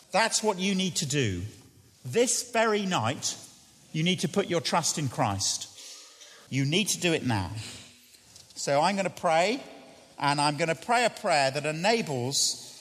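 Preacher with a lively voice in a reverberant hall. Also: male voice. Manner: earnest, conversational, dropping low and slow for prayer. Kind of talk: evangelistic sermon.

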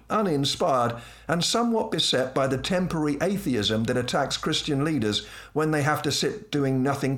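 A middle-aged man tells a comic travel anecdote with dry, self-deprecating humor. His voice sits at an ordinary middle pitch, and he delivers the story as scripted narration with playful asides. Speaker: preacher telling a personal anecdote.

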